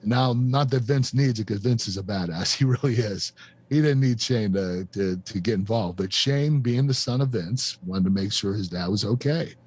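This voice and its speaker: A man in his fifties, a guest on a podcast, telling a painful personal story in a halting, emotional way with many fillers and restarts. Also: on the low side, a little mellow, breathy edge, no echo. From United States. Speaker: guest, former pro wrestler.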